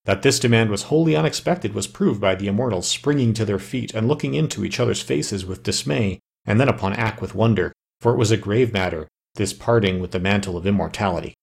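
A man reading a fairy tale aloud in a measured, even storytelling manner. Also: lowish voice, vocal fry, husky. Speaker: audiobook narrator.

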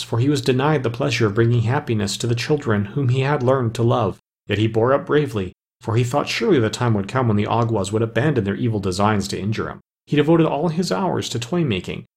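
A man narrating a storybook aloud in a measured, even way. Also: medium pitch, vocal fry, slightly rough. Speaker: audiobook narrator.

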